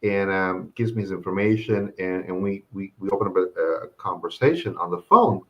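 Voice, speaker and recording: A man's voice: deep voice, a little fast, dull audio. A man co-hosting a podcast, telling a story in casual chat and acting out the quoted lines. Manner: animated storyteller who acts out quoted dialogue. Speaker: podcast co-host.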